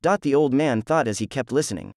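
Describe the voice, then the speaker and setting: A man narrating a fan fiction story in a plain, even reading voice. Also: medium pitch, brisk, dry recording, studio quality.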